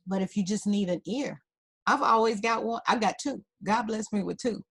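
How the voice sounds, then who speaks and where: A woman's voice: medium pitch, normal speed, vocal fry, slightly rough. A woman counselor, a talk-show guest, giving parenting advice in an emphatic, teacherly way. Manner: emphatic, teacherly, repeats key points. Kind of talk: advice in an interview.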